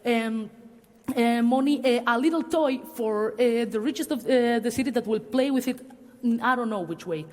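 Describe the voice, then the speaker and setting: A woman whose voice sits on the high side talks at a moderate pace during a public panel discussion in a cultural centre hall. She hesitates a lot and uses many fillers, and the hall adds a long reverb.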